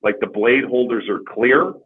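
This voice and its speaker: A man's voice: mid-range voice, normal speed, husky, phone-quality sound. A man, a former hockey player, casually telling long profane stories on a podcast. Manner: profane, rambling anecdotes. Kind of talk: casual storytelling.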